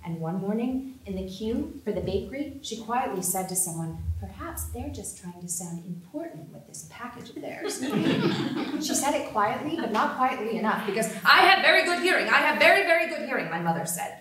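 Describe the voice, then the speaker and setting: A woman's voice: mid-range voice, expressive, normal speed, natural voice. An actress playing a young woman who tells her family's story, mimicking the neighbors with amused emphasis, recorded from afar in a roomy theater. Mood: lively. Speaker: actor in a staged play reading. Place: theater stage. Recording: roomy hall sound, mic far off.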